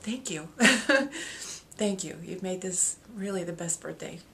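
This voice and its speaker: A woman's voice: lowish voice, lively intonation, takes it slowly, gravelly, bright, forceful tone, a little hiss or hum. A woman talking to her readers on video, emotional and gushing, who laughs and gets choked up as she opens gifts. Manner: reads a letter aloud. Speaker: author opening reader gifts.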